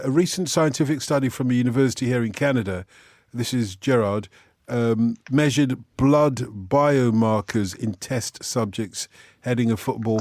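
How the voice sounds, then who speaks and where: A man's voice: mid-range voice, a little mellow, no room sound. Dry-voiced late-night radio host man. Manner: jokey, reads listener emails aloud. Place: radio studio.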